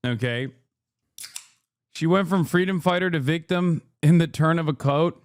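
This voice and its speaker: A man reacting to video clips in casual commentary, sarcastic and quick to swear, often cutting himself off mid-word. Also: a little high, noisy background.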